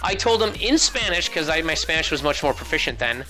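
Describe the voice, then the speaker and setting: Bright-voiced rambling male caster. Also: a little high, very animated, a little fast, faint music behind. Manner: rambling, joking, storytelling. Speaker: esports caster. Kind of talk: casual chat.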